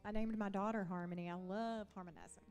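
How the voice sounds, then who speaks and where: A woman's voice: mid-range voice, fairly even intonation, fast talker. A woman singer-songwriter in easygoing, upbeat casual chat. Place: coffee shop. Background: guitar.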